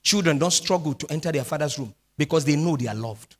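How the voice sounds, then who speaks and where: A man preaching a midweek sermon as pastor, swinging between speech and sung, drawn-out phrases. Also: fairly high pitch. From Nigeria.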